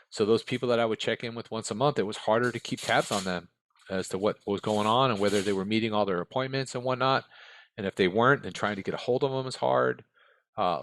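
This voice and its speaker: There's a little hiss or hum behind this fairly low, slightly bright male voice. The speaker, an American former case manager in an interview room, answers questions bluntly and candidly, often adding "right?" and "okay?".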